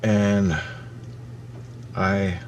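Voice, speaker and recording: A man casually telling a personal story, swearing freely and acting out his own panicked thoughts with sudden swings between loud and quiet. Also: low voice, level tone, extremely slow, a little hiss or hum. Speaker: channel host recounting a personal experience.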